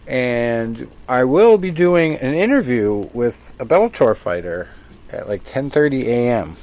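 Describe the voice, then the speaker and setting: A man co-hosting a podcast in casual chat, talking in a relaxed, rambling way with many fillers. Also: medium pitch, measured pace. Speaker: podcast co-host.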